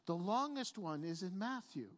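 A woman's voice: medium pitch, expressive, normal speed. Woman preaching in a reverberant hall. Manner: storytelling preacher, frequent stammered restarts. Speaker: pastor. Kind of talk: sermon. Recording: long reverb of a large hall.

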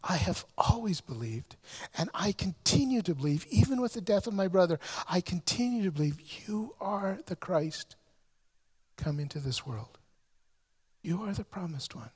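A preacher voicing a grieving faithful woman, husky and hushed. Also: high voice, expressive, normal speed, big-room sound. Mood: earnest.

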